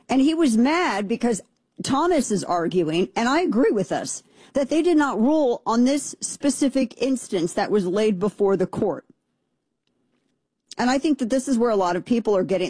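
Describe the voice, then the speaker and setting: A woman's voice: medium pitch, animated, brisk, dark tone, husky, no room sound. A woman hosting a show, giving an emphatic, opinionated political commentary monologue and repeating points for stress. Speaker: show host.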